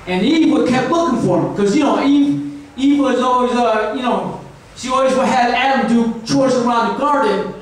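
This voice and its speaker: A man's voice: very high voice, moderate pace. A man doing crude, rambling stand-up comedy, checking in with the crowd with a constant "right?". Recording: echoey room from far off, faint noise.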